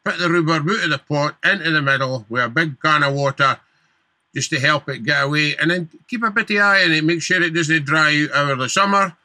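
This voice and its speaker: A Scottish man gives practical gardening advice in a very bright, sharp voice, a little higher than most men. He sounds down-to-earth, and the sound is dry and close to the mic. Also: brisk, no room sound. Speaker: gardening expert. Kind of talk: radio advice chat.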